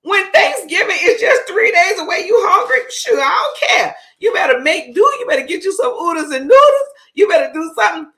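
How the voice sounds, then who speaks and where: A woman with a New Orleans accent putting on an exasperated mother who scolds in a loud, shrill voice. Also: big pitch swings, a little fast, few pauses, full character voice. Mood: scolding, exasperated. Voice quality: shrill, shouting.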